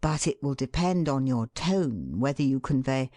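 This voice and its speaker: A woman with a low voice reads aloud in an expressive, measured way, her pitch rising and falling widely. She takes her time over each phrase. The sound is dry and close. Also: no room sound. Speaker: reader of a book excerpt. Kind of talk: scripted narration.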